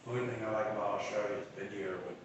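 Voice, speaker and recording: A man's voice: lowish voice, steady tone, rapid-fire, slight background noise. Laid-back cursing man, echoey room. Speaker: podcast co-host. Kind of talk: casual chat. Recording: echoey room, far from mic.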